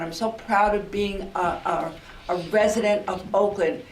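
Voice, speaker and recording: A woman's voice: medium pitch, fairly even intonation, unhurried, slight background noise. An older woman from New York with a New York accent, an outgoing mayor giving a heartfelt farewell speech at a council meeting, repeating herself with many ums. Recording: echoey room, mic at a distance.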